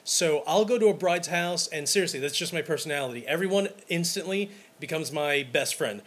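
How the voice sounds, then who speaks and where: A man with a fairly high voice talks casually, as if on a podcast, about his work shooting weddings. He tells stories emphatically, acts out the scenes, and often restarts his sentences. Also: fairly quick. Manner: animated, emphatic storyteller who acts out scenes; talks in repeated false starts. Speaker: wedding photographer.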